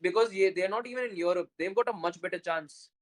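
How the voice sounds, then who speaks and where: A man's voice: high-pitched, fast talker. A young man co-hosting a casual football chat, opinionated with stumbling starts. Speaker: football podcast co-host.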